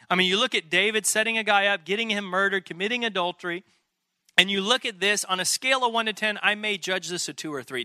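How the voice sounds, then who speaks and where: A man's voice: high voice, bright, forceful tone, no echo, studio quality. A man preaching a sermon in an emphatic, conversational way, full of rhetorical questions. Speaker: pastor.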